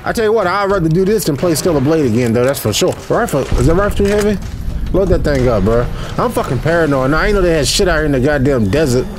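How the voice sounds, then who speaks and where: A young man casually commentating as he plays a game, profane and excitable, talking to his viewers and yelping when he panics. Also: on the high side, fast talker, noisy background. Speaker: gaming YouTuber. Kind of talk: casual let's play commentary. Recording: loud game music behind voice. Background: game music and sound effects.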